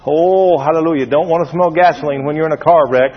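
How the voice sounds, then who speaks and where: Man, emphatic sermon, slightly high, husky voice, dull lo-fi recording, long church-hall echo. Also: quick pace. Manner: emphatic, repetitive preaching with congregation call-and-response. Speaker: preacher. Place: church before a congregation.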